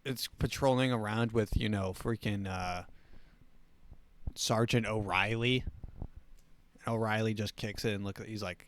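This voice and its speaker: A man's voice: on the low side, steady tone, moderate pace, no room sound. A man hosting a comedy show, reading news items and riffing on them sarcastically. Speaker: show host.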